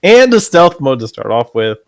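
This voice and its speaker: A man co-commentating a card game match in a relaxed, casual way, explaining the plays. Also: medium pitch, normal speed, gravelly, dry recording.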